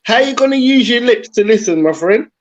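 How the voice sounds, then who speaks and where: A man's voice: extremely high pitch, expressive, fairly quick. Mocking man on dull audio. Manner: mocking, insulting, dismissive. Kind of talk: heated live panel argument.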